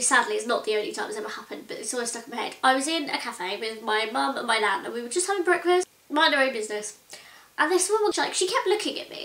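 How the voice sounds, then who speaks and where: A woman's voice: a little high, fairly bright tone. A woman in her twenties talking to camera in a chatty, earnest and exasperated way, full of "like". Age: 20s. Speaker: vlogger. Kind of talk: casual talk to camera. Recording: echoey room.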